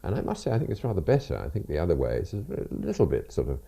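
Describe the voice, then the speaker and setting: Older Englishman with a deep, lively voice. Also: rapid-fire, creaky, breathy edge. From England. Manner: hesitant, repeats words, chatty and self-deprecating. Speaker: guest. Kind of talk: radio interview.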